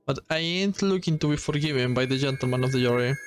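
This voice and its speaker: A man's voice: mid-range voice, quick pace, no room sound, close to an everyday voice, poor audio. Loretta, a man reading a bitter farm wife. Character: hard-bitten young woman farm wife. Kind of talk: reading game dialogue aloud.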